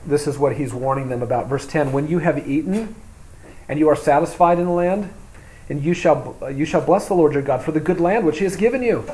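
A man delivers an expository sermon, his voice a touch higher than most. He swings between forceful scripture reading and hushed asides. The room is echoey, with a faint hum of ambience underneath. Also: brisk. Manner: swings from loud emphatic reading to quiet, low asides. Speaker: preacher.

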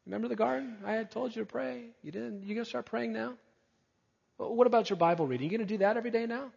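A man's voice: sits high, fast, creaky, darkish tone, husky, pitched above the performer's own voice, full character voice. A male preacher voicing a sarcastic man who needles a friend with mocking questions. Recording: dull sound with long hall reverb.

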